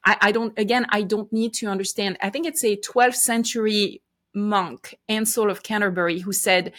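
A woman's voice: mid-range voice, fairly even intonation, moderate pace, a bit bright. A middle-aged woman speaking as a guest in a faith interview, reflective and earnest, often restarting her sentences.

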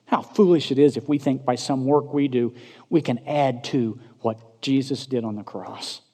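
A man preaching a sermon with passion, swinging from loud, rising declarations to hushed, intense lines. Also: mid-range voice, normal speed. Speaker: pastor. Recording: long hall reverb.

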